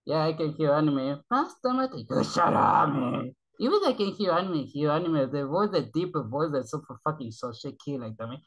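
A man from Japan who speaks English with a Japanese accent as a second language. He rambles through casual reaction commentary, halting, repeating words and swearing often. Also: a little high, lively intonation, rough recording. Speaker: YouTube reactor.

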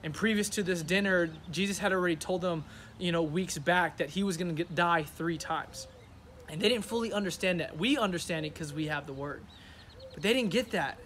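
A young man preaching as a youth pastor, earnest and animated, acting out the disciples' questions as he tells the story. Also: high-pitched, fairly quick, slight background noise. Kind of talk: sermon.

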